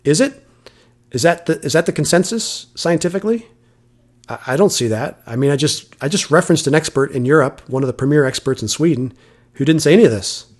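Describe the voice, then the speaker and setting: A man's voice: a little high, lively intonation, a little fast, darkish tone. A man hosting a solo commentary podcast, arguing his point with rhetorical questions and frequent restarts. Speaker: podcast host.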